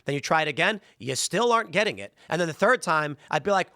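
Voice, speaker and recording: A man's voice: fairly high pitch, lively intonation, fast, bright, forceful tone, no room sound, clean studio sound. A man hosting a show, giving blunt, ranting opinion commentary. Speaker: show host.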